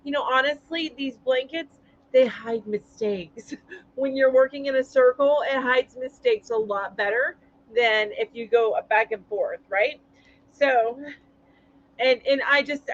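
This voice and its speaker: High-voiced chatty woman hosting a live stream. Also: lo-fi sound. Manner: chatty, greets viewers, laughs often. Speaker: livestream host. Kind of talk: casual live chat.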